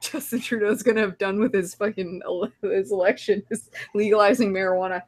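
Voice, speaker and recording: A woman's voice: mid-range voice, fairly even intonation, a little fast. A Canadian woman hosting a casual group chat, teasing and laughing often.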